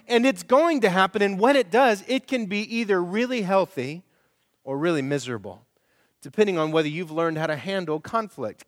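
A middle-aged male pastor preaching a sermon, animated and storytelling, acting out quoted voices. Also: high-pitched, long reverb tail.

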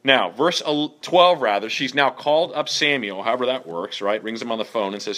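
A man's voice: lowish voice, moderate pace, a bit bright. A man leading a group Bible study in a casual way, reading verses and asking the group questions.

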